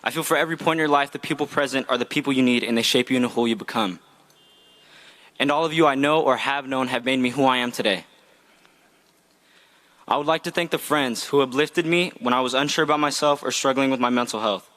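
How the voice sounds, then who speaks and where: A man's voice: mid-range voice, quick pace, a bit bright. A young man, a graduating student, giving an earnest, heartfelt graduation speech read from a script. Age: young adult. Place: outdoor graduation ceremony.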